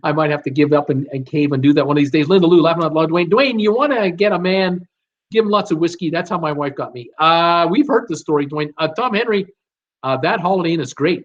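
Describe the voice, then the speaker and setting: A middle-aged man hosting a live stream, casually reading out viewer comments and answering them with many fillers and restarts. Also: on the high side. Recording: dull lo-fi stream audio.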